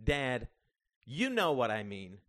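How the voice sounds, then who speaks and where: A man reading the part of a young adult son, a bass player, guarded and quick to curse. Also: big pitch swings, fairly bright tone, no room sound, clean studio sound. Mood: angry. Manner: guarded, then cursing.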